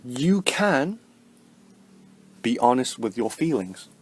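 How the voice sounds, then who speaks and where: A man's voice: mid-range voice, sing-song, slow, breathy edge. A man vlogging casually about spiritual self-help, rambling and full of fillers. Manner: rambling, full of "like" and "you know".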